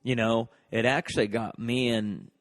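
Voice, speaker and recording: A man's voice: medium pitch, steady tone, moderate pace, dry recording. A man hosting a podcast alone, casually reminiscing in a rambling, self-deprecating way with lots of fillers. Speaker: podcast host.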